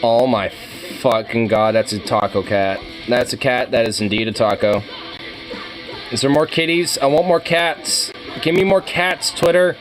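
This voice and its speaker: A man streaming casually, reacting to cat pictures with excitable gushing and casual swearing. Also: medium pitch, measured pace, soft background music. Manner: excitable, gushing over cats, casually profane.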